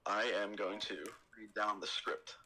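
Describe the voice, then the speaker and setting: A man's voice: fairly low pitch, completely flat delivery, unhurried, pushed and bright, slight background noise, rough recording. A young man hosting a casual livestream, joking with friends and reading a script aloud. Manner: joking, reads a script aloud with ham delivery. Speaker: livestream host.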